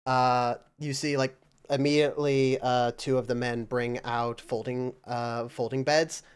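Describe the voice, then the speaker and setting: A man narrating a tabletop role-playing game as game master. His voice is smooth and resonant, his delivery relaxed with frequent pauses and fillers. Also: mid-range voice.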